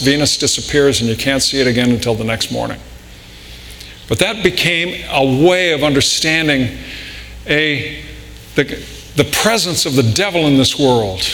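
Slow-preaching man in a reverberant hall. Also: a little high, fairly bright tone. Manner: slow, deliberate delivery with repeated words and restarts. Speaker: pastor. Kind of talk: sermon. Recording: long reverb in a large hall, faint room noise.

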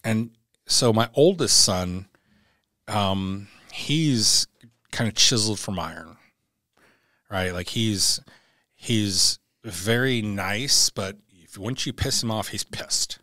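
A man in his forties, a veteran guest on a podcast, telling his own story candidly in a halting way and stumbling over repeated words. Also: fairly low pitch, pushed and bright, no room sound, clean studio sound.

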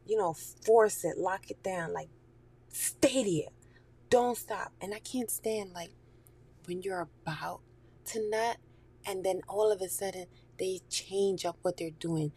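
A woman's voice: on the low side, unhurried, warm tone, husky. A woman talking candidly and profanely in a casual chat, laughing often and dropping into whispery asides.

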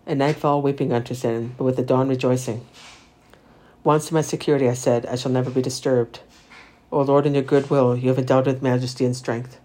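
Man reciting the Divine Office, mellow and even. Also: medium pitch. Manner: steady liturgical recitation, Latin and English. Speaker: prayer leader.

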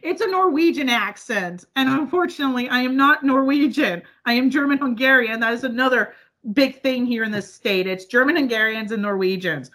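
A woman from the northern US, chatting casually as a podcast co-host, loud, laughing often and swearing freely. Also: a little high, brisk. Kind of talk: casual chat.

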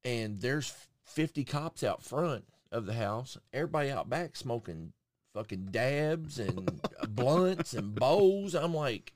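A man co-hosting a podcast, telling an animated, profane story in casual chat and acting out what people said. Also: mid-range voice, takes it slowly, dry recording. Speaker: podcast co-host.

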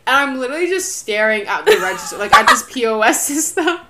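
Slangy animated young woman. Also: a little high, fast talker. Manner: slangy, animated, says "bro" and "literally" a lot; laughs while telling stories. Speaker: storyteller in a chat. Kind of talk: casual chat.

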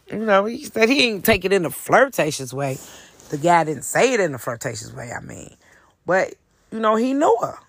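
A host spinning a casual, profane story and acting out each quote. The voice is gravelly with fry. It sits close in a dry, dead room. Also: medium pitch, moderate pace, dry recording. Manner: profane, animated, lots of acted quotes. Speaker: podcast host and author.

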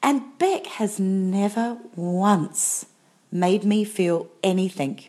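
Brief: middle-aged woman, podcast co-host, frank and emphatic, mid-pitched, acts out quotes. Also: takes it slowly, mellow. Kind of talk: casual podcast chat.

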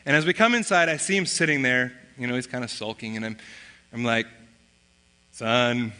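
A man's voice: medium pitch, animated, fast talker, pushed and bright, clean tone. A man preaching a sermon as pastor, telling stories in a conversational way and acting out bits of family dialogue. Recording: long reverb of a large hall.

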